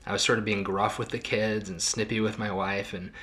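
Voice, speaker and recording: A man's voice: lowish voice, level tone. A middle-aged man hosting a podcast as a marital therapist, talking in a casual, reflective way with many ums, restarts and small laughs. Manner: halting, with frequent ums and restarts, warm self-deprecating laughs.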